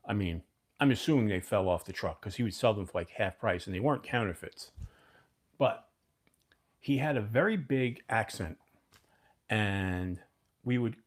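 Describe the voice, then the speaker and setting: A man in his fifties hosting a casual livestream, rambling and chatting with viewers. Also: on the low side. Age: 50s. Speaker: livestream host.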